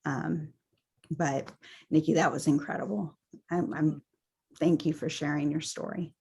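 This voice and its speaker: A woman's voice: sits low, steady tone, a little slow, creaky, breathy edge. A woman hosting a team video call, emotional and hesitant as she thanks a speaker and introduces the next. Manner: warm, emotional, hesitant with ums. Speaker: meeting host.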